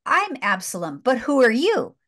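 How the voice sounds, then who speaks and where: A woman's voice: on the high side, huge pitch swings, normal speed, fairly bright tone, voice pushed up. A stern old caterpillar prophet hands down curt, lofty verdicts, as a woman puts him on while retelling a story. The voice stays close to her own and sounds clipped and superior.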